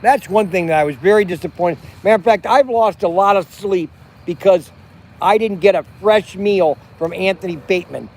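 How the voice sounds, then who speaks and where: A middle-aged man with a notably high voice chats at a campfire at night in a loose, rambling way. He keeps restarting his sentences and reaching for words as he talks on a livestream. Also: normal speed, a little mellow. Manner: rambling, chatty, many restarts and fillers. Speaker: vlog host. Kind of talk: casual livestream chat. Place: outdoors at a campground by a fire at night.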